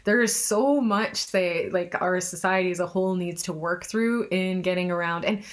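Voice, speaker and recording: A woman's voice: lowish voice, moderate pace. A woman speaking earnestly and reflectively in a casual conversation, speeding up when she gets passionate. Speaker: podcast co-host.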